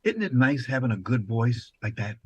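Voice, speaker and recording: A man's voice: medium pitch, very animated, moderate pace, a little mellow, slightly rough, dry recording, muffled recording. A man hosting an interview show, effusive and repeating his praise. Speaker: talk show host.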